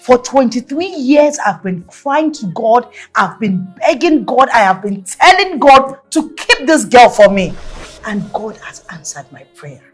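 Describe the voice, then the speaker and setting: A woman's voice: on the high side, big pitch swings, a little slow, soft background music. An anxious overprotective Nigerian mother. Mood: pleading. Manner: pleading, insistent. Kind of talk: film drama acting.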